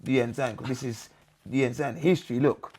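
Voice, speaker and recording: A man's voice: medium pitch, steady tone, fast talker, a little mellow, husky. A man chatting in a casual interview, slangy and repetitive, forever asking "you understand". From England. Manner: slangy street talk, repeats 'you understand'. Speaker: MC, guest.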